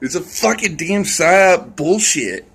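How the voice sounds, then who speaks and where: A man's voice: sits high, expressive, takes it slowly, creaky, fairly bright tone, slightly rough. A man ranting in a casual vlog, rambling and scornful, swearing constantly. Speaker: vlogger.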